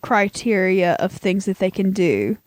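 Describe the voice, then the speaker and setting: A woman's voice: medium pitch, big pitch swings, unhurried, no echo. A woman with a Southern American accent, co-hosting a podcast in casual, rambling chat and laughing often. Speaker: podcast co-host.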